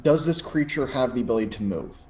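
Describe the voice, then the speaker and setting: Guy at the game table, plain voice, calmly listing what his character does. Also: medium pitch, fast. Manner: matter-of-fact, describing actions step by step. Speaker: player.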